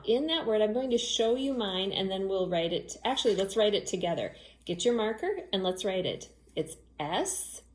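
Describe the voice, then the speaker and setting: A woman teacher giving a phonics lesson to young children, speaking clearly and patiently and spelling words out letter by letter. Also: medium pitch, a little mellow, echoey room, poor audio.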